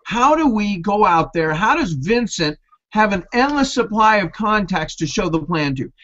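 A man's voice: sits high, sing-song, moderate pace, bright, forceful tone. Coaching man on muffled video call. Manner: coaching, fires off rhetorical questions. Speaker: host of online business training. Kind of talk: motivational webinar talk.

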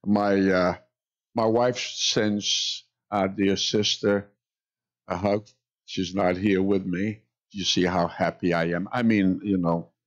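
A male pastor preaching a sermon, telling stories in an unhurried way with wry jokes. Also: sits low, fairly even intonation. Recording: dull lo-fi sound.

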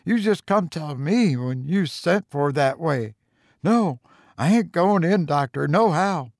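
A man's voice: a little high, expressive, takes it slowly, darkish tone, no room sound, studio quality, voice pushed up. A man voicing a frightened old gardener who pleads in a folksy rural dialect. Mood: fearful.

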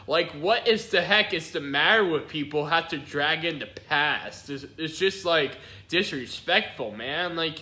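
A man's voice: fairly high pitch, sharp tone. A man hosting a reaction video, goofily repeating lines from the clip and cracking silly jokes in casual talk.

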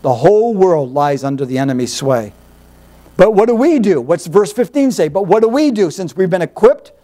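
A man with a very high voice delivering a sermon. His pitch swings widely as he teaches, and he drives each point home with rhetorical questions and repetition. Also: very animated, moderate pace, mellow. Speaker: Bible teacher.

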